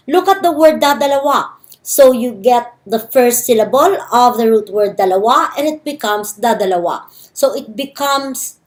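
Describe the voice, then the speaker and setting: A woman with a Filipino accent teaching a recorded grammar lecture. Her voice sits a little high, and she spells out each rule patiently, repeating examples and slowing down on key syllables. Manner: slow, careful explanation with repeated examples. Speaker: language teacher.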